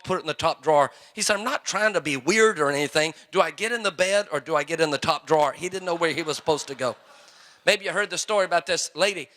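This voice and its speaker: A man's voice: a little high, pushed and bright. A male pastor preaching a sermon to young people, folksy and full of joking stories.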